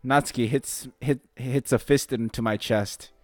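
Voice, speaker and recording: A man's voice: mid-range voice, steady tone, normal speed, no room sound. A man reading a visual novel's narration and lead lines aloud in a casual, joking let's play. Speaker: gamer reading the protagonist.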